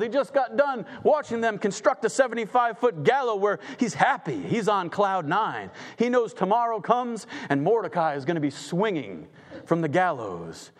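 A man telling a Bible story as a preacher, dramatic and conversational, acting out the characters. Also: high-pitched. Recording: long hall reverb.

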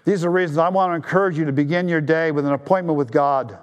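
A man preaching a sermon as pastor, swinging from raised appeals down to hushed, low tones for emphasis. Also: fast talker, lo-fi sound.

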